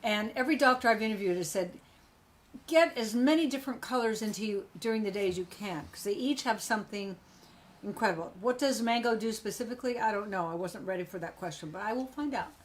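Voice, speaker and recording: A woman hosting a relaxed live video, chatting and teasing her co-host with easy laughter. Her voice sits at a medium pitch. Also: quick pace. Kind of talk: casual live-stream chat.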